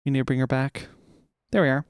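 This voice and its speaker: A man's voice: mid-range voice, fast, clean tone, dry recording. A man chatting casually while he streams a game, thinking aloud and swearing now and then. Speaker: livestreamer. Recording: loud truck and traffic game noise.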